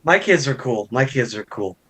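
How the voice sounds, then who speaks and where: A man's voice: mid-range voice, expressive, moderate pace, a loud crowd. A man co-hosting a livestream, chatting casually and correcting himself mid-sentence. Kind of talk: casual comedic chat.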